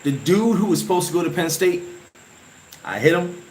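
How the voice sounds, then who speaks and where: A man hosting a vlog, telling an emotional story from his playing days in a casual, animated way, full of restarts and sound effects. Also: high-pitched, normal speed, a little hiss or hum, rough recording. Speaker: vlog host.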